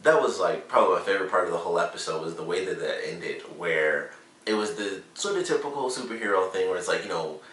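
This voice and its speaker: A low-pitched man talks through a TV episode review in a loose, rambling way, leaning on "like" and "you know". His voice has a bright, forceful edge. He sits back from the mic in an echoey room. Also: lively intonation, fast, distant mic. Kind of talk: casual spoken review.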